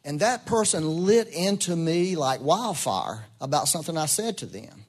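A man's voice: a little high, moderate pace, breathy edge. A middle-aged man preaching a sermon in a folksy, storytelling way, acting out quoted voices. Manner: folksy, storytelling, animated quoting. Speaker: pastor.

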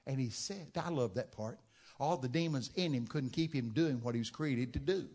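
A man preaching a sermon, telling Bible stories with dramatic shouted outbursts. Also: mid-range voice, normal speed. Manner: dramatic storytelling, bursts into loud shouted quotes.

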